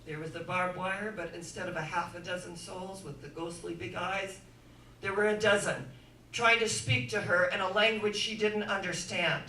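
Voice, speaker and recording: A woman giving an inspirational sermon-style talk, telling stories dramatically and swinging from hushed to loud. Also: fairly low pitch, steady tone, moderate pace, a little hiss or hum. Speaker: inspirational speaker. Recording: echoey room, voice from far off.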